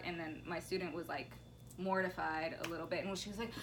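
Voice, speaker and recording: A woman's voice: fairly low pitch, brisk, a little hiss or hum, low-quality recording. Earnest woman in casual discussion. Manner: earnest, animated when quoting others. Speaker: college instructor.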